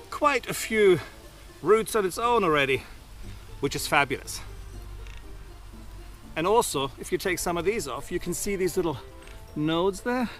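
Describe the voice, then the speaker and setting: A man's voice: high voice, fairly bright tone. A man hosting a gardening video outdoors in his garden, chatting casually through a how-to with self-mocking asides.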